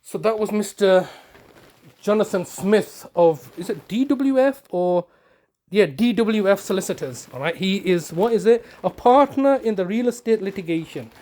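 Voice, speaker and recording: Brief: man, mellow tone, insistent and repetitive, halting delivery. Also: sits high, expressive. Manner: insistent, repetitive, stumbling restarts. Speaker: campaigner confronting a solicitor on a call. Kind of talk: heated phone argument, then commentary to camera.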